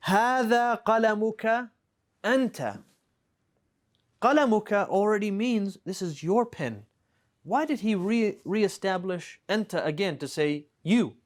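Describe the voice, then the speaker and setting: A man with a slightly high voice teaches a classroom grammar lesson. He moves patiently through example after example, stopping now and then to make sure his students are following. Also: a little slow. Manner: patient, explains with repeated examples and checks "right?". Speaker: Arabic teacher.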